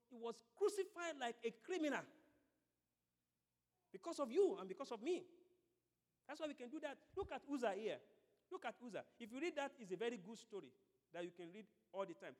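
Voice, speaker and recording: A man's voice: very high voice, very animated, fairly quick, pauses often, long reverb tail. A man preaching a sermon as pastor, mixing scripture with playful acted-out asides.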